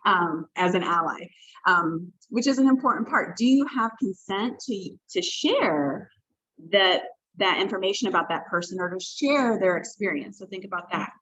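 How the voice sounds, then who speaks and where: A woman's voice: medium pitch, animated, moderate pace, a bit bright, husky. A woman runs a training session over a video call, speaking conversationally and putting weight on key points. Her voice sits in an average range, and the sound is dull and lo-fi, typical of call audio. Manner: conversational and emphatic, with self-corrections. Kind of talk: workshop presentation on a video call.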